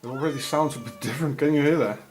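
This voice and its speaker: A man with a slightly higher-than-usual voice talks on and on in a sardonic, rambling way while he feeds cats. He keeps dropping into quiet, muttered asides, and a faint noise hums behind him. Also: rapid-fire. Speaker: vlogger.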